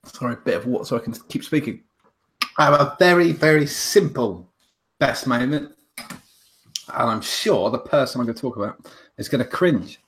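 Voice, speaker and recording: A man's voice: medium pitch, expressive, moderate pace, long pauses, fairly bright tone. A man hosting a casual livestream chat, rambling and self-mocking, with lots of restarts. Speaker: host.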